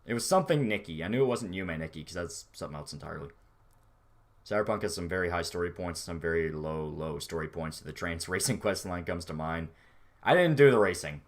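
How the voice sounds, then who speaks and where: A man with a somewhat low voice talks fairly quickly through a relaxed livestream, reading his chat. He rambles loosely from one thought to the next, laid-back and swearing freely as he answers.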